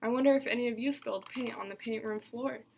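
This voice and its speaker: A woman teacher reading a picture book aloud to young children, telling it expressively and pausing to ask them questions. Her voice is a touch high, with a gravelly fry at the ends of phrases. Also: slight background noise.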